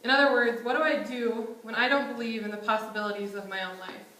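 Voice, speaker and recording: A woman's voice: on the high side, fairly even intonation, fast, a bit bright, slight background noise. A young woman preaching a conversational sermon in a church, casual and self-deprecating, often chuckling. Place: church sanctuary. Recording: roomy church sanctuary echo.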